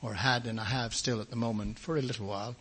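An older man preaching his own testimony, with a husky, slightly breathy voice. He tells his story in a folksy way and slips into other people's voices as he goes. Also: mid-range voice, steady tone, quick pace, fairly bright tone. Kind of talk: testimony sermon.

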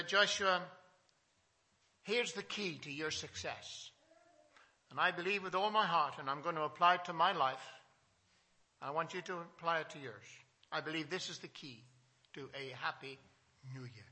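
Bright-voiced emphatic male preacher. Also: a little high, moderate pace. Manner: emphatic preaching, swings from loud to soft; asks the congregation questions. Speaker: pastor. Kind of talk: sermon.

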